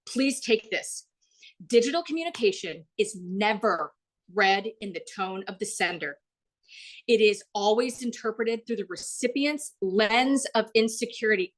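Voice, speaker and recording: A woman leading an online workshop, heard through a video call microphone. She talks in a loose, chatty way, leaning on "like" and "um". She jumps high in pitch whenever she acts out the people she quotes. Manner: chatty, frequent "like" and "um". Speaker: webinar presenter. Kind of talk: live online workshop talk.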